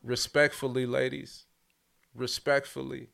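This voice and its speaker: A man's voice: mid-range voice, little pitch movement, a little slow, vocal fry, fairly bright tone. Slangy podcast host hyping his guest. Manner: loose slangy talk, hypes up the guest. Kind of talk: casual interview chat. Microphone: video call.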